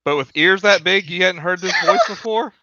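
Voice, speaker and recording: A man's voice: sits high, normal speed, pushed and bright, no room sound, muffled recording. A man playing a tabletop game, wry and teasing in character. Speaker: player. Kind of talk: in-character tabletop role-play.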